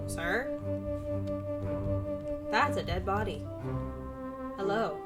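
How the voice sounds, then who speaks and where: Slow-talking excitable woman streamer. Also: a little high. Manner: excitable, thinking aloud, gasping and laughing. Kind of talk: live game stream chatter. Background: game music.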